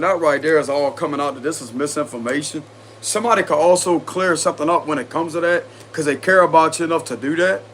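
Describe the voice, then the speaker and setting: A man's voice: on the high side, a bit bright, slight background noise. A man with a Cajun accent doing a casual tarot reading, chatty and confident, often repeating himself. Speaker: tarot reader.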